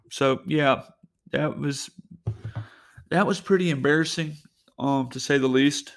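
A man's voice: on the high side, measured pace, creaky, long pauses. A young man hosting his own podcast, telling stories in a loose, rambling way full of fillers and restarts, talking from a parked car. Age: young adult. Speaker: podcast host. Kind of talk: casual solo storytelling.

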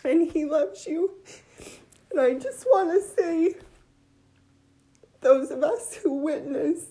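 A woman giving an emotional religious testimony, near tears, heartfelt and halting. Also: very high-pitched, expressive, mellow.

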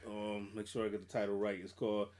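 A man's voice: fairly low pitch, level tone, quick pace, a little mellow. A man co-hosting a podcast, chatting casually about hip hop, swearing and trailing off into mumbles. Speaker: podcast co-host.

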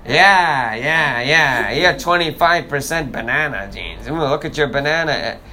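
A man's voice: a little high, animated, a little slow, bright, forceful tone, a little hiss or hum. A man in playful casual chat, teasing and repeating words for emphasis, breaking into snatches of song.

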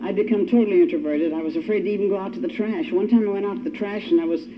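In rapid-fire speech, an older woman with a mid-range voice and fairly even intonation describes her life at a recovery meeting. Her tone is wry and self-mocking. It's captured in a dull, lo-fi recording with faint hiss.

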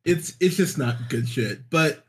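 A man in casual podcast chat about movies, excitable and profane, who keeps restarting his sentences with "but, but". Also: mid-range voice, measured pace, husky. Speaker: podcast co-host.

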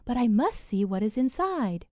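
A woman reading a storybook and voicing a gentle young princess who pleads in sorrow. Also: a little high, sing-song, normal speed, dry recording, clean studio sound. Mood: eager.

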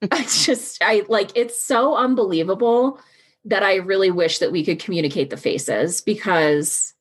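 A woman's voice: medium pitch, measured pace, slightly rough. A woman hosting a true crime podcast, telling the story in a casual, outspoken way and speaking her mind bluntly. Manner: casual, outspoken, swears, recounts events with quoted voices. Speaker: podcast host.

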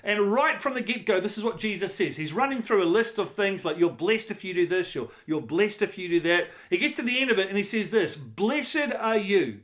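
A man's voice: sits high, animated, a little fast, hardly any pauses, a bit bright. A middle-aged man, a pastor preaching a conversational, emphatic sermon with rhetorical questions.

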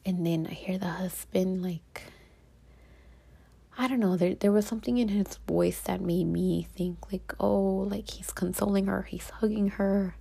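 A young woman telling a personal story to her viewers in a casual vlog, speaking softly and often dropping into a whisper. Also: mid-range voice, fairly even intonation, unhurried, creaky, slightly rough. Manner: soft-spoken, slipping into whispers. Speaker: vlogger.

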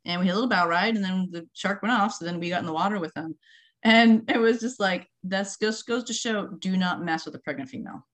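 A middle-aged woman who researches marine mammals, telling field stories in a casual, animated way, laughing often and acting out quotes. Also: mid-range voice, a little fast. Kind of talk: casual conversational storytelling.

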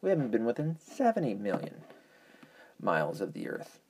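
A man's voice: medium pitch, wildly swooping pitch, normal speed, a little mellow, breathy edge. A man ranting in a casual monologue, profane, rambling and argumentative, often correcting himself.

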